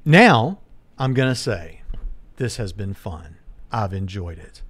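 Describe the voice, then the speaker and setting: A man in his forties hosting a livestream debate discussion, talking quickly with many fillers and restarts. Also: lowish voice, sing-song, fairly bright tone, no echo. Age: 40s. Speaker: host.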